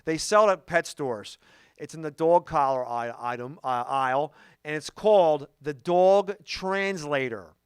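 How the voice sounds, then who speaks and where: Punchy, high-voiced man doing stand-up. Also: a little slow, clear, resonant tone, no room sound, clean studio sound. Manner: punchy storytelling with frequent "okay?" asides. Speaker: stand-up comedian. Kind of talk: stand-up comedy set. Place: comedy show before a live audience.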